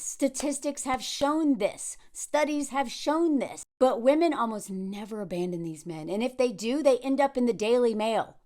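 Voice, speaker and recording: A woman of around forty with a Southern US accent, giving animated, digressive commentary full of sarcastic asides. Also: high voice. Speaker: commentary vlogger. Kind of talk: ranting commentary.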